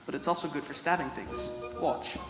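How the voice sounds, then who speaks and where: An actor playing a vain, pompous prince with a cruel streak, haughty and given to giggles, in a live stage play. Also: male voice, a little high, a little fast, lightly acted. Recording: echoey hall, music behind.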